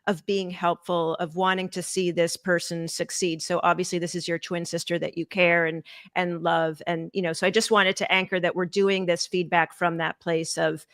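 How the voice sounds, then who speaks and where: A woman's voice: on the low side, level tone, a bit bright, no room sound. Casting: woman from Boston, interview host, chatty and joking, dry close sound. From Boston, USA. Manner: chatty, self-deprecating, quick asides. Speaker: podcast host and coach. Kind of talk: live interview conversation.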